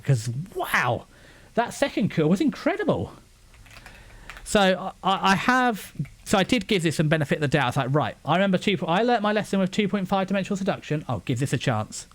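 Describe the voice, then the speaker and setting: A man giving a casual anime review, ranting with exasperation and frequent restarts. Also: fairly high pitch.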